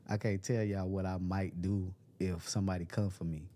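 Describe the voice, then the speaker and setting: A man's voice: low-pitched, little pitch movement, moderate pace, mellow. A man hosting a casual livestream, reading chat comments aloud, joking and laughing often, with loose slangy talk. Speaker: livestream host. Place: cold room at home.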